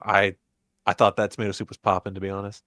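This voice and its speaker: A young man co-hosting a podcast, reviewing episodes in playful, animated casual chat. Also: fairly low pitch, fast, dry recording, studio quality. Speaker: podcast co-host.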